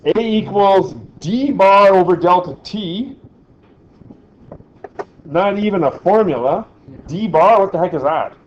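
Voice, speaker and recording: Brief: male science teacher, fairly high voice, questioning style, muffled classroom recording with light hiss. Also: a little mellow. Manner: chatty, asks the class questions. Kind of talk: classroom physics lesson.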